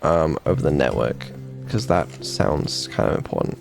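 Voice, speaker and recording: A man's voice: very deep voice, expressive, moderate pace, gravelly, soft background music. A man, a developer and streamer, chatting casually on a live dev stream, laid-back and mumbling, with ums and the odd swear.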